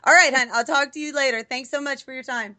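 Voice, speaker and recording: A woman's voice: high voice, fairly even intonation, fast, pushed and bright. A woman hosting a podcast, asking questions in an enthusiastic, effusive, casual way. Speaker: podcast host. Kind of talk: casual interview chat.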